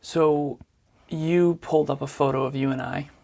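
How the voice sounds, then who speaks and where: A man's voice: a little high, steady tone, normal speed, vocal fry, a little mellow. A man co-hosting a relationship podcast in upbeat, enthusiastic casual chat. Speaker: podcast co-host.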